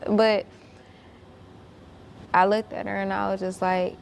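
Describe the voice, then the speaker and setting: Profane woman with a gravelly voice. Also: mid-range voice, level tone, takes it slowly, pauses often, a little hiss or hum. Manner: blunt, profane and emphatic; repeats and restarts when worked up. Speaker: guest. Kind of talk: storytelling.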